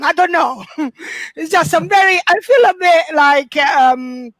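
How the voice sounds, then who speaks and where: A woman's voice: extremely high pitch, measured pace, a bit bright, dry recording. A woman in her forties with an Italian accent, doing a chatty, self-mocking stand-up set over a video call from home and laughing through her lines. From Italy. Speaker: stand-up comedian.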